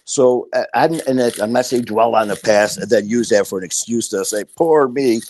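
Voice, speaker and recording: A man's voice: fairly low pitch, steady tone, a little fast, darkish tone. A middle-aged man from Detroit, a podcast guest telling his story with blunt, emphatic, profane candor. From Detroit, USA. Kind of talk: candid podcast conversation.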